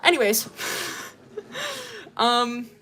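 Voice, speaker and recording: A woman's voice: high voice, very animated, very slow, pushed and bright. A woman streamer casually retelling a story, rambling and swearing, with lots of fillers and slang.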